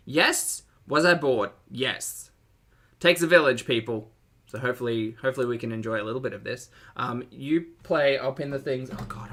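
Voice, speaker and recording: A man's voice: fairly high pitch, bright, forceful tone. A man hosting a casual livestream commentary, chatty and sarcastic, laughing often and greeting his chat viewers.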